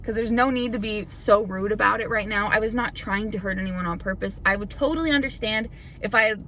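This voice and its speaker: A woman's voice: medium pitch, a little fast, fairly bright tone, slight background noise, poor audio. A young woman YouTuber in a casual vlog rant, frustrated and defensive. She swears often and rambles with lots of "like". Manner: rambling with filler "like".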